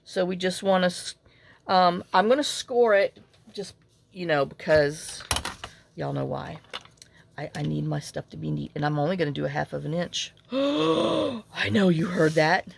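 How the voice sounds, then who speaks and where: A woman's voice: fairly low pitch, a little slow, creaky, slight background noise. A woman hosting a casual crafting tutorial, chatty and rambling as she talks viewers through her work. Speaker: crafting channel host.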